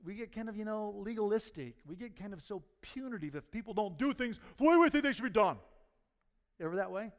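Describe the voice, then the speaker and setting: Man preaching, high voice, long church-hall reverb, story-driven, builds to loud peaks. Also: expressive, fairly quick. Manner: storytelling, rising to near-shouts at punchlines. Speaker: pastor. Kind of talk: sermon. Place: church sanctuary.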